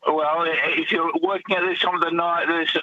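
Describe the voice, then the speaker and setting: A man calling in to a late-night radio quiz, talking in a measured, matter-of-fact way. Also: a little high, flat delivery, bright, forceful tone. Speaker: caller. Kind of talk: casual phone-in chat. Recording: dull phone line with faint hiss.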